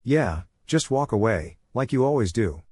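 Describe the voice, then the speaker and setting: A man's voice: medium pitch, very animated, moderate pace, dark tone, husky, no echo. A man voicing a smug adult brother who sneers and snaps, recorded close and dry. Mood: sneering. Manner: sneering, snappish.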